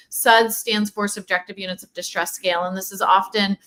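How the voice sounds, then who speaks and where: A middle-aged woman, speaking as a clinician in a casual livestream talk, animated and chatty with lots of fillers. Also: medium pitch, a little fast, few pauses. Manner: animated, conversational, many fillers and quoted dialogue. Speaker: OCD clinician and program leader.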